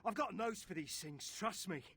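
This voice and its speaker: A man's voice: high-pitched, expressive, a little fast, bright, forceful tone, breathy edge, no room sound, full character voice. An actor playing a nervous, caged male treasure hunter in a video game, pleading and jittery.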